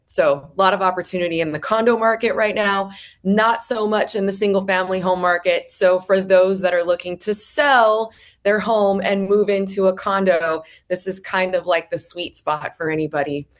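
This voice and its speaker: A woman's voice: lowish voice, steady tone, normal speed. A woman, a realtor guest on an interview show, explaining the market in detail with examples. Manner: knowledgeable, explains with examples and lists of questions. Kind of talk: casual interview chat.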